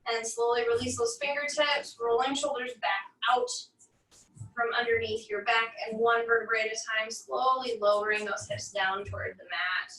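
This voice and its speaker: Bright high-voiced woman coaching a stretch. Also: moderate pace, distant mic. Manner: calm, encouraging cues with wry asides. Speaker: fitness instructor. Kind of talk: guided barre cool-down instruction. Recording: echoey room, voice from off-mic.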